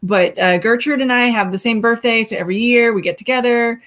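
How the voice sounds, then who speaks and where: A woman's voice: on the high side, a little fast, fairly bright tone. A woman from the sanctuary staff chatting casually and a little hesitantly about the animals. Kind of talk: casual chat.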